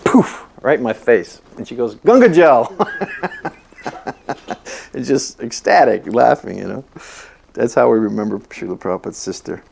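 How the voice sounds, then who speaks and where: A man's voice: fairly low pitch, expressive, moderate pace, gravelly, a little mellow. A man telling casual anecdotes about his spiritual teacher, chatty and laughing as he goes. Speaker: devotee recalling memories.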